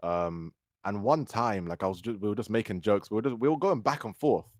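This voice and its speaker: Young man telling stories, low dry voice. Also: fairly quick, no room sound. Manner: storytelling, animated when quoting others. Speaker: podcast co-host. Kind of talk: casual chat.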